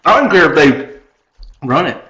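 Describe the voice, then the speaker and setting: A man's voice: fairly high pitch, big pitch swings, moderate pace, pushed and bright, echoey room, rough recording. A man co-hosting a podcast in casual chat, rambling through a story and laughing at his own jokes. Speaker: podcast co-host.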